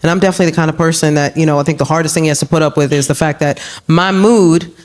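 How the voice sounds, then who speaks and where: A woman comedian performing a stand-up set on a club stage, animated and jumping into exaggerated voices for the people she quotes. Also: very fast. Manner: animated, acts out quoted voices with big pitch jumps. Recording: live club recording, audience laughter and room noise. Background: audience laughter.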